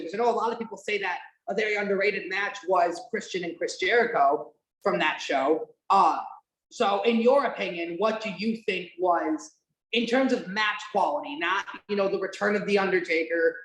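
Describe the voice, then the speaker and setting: Woman podcast host, rambly, lots of ums, swears casually, echoey room. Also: medium pitch. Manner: rambling, many fillers and restarts, casual swearing. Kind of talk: casual chat, watch-along podcast. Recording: roomy echo.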